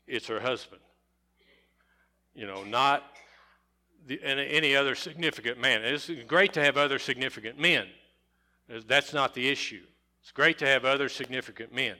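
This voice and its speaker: A middle-aged man preaching from the pulpit in a slow, measured way. His voice is bright and forceful, and he lands hard on single words, repeating them to drive each point home. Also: mid-range voice. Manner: deliberate, repeats and stresses key words, rising emphasis. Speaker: pastor. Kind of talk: sermon.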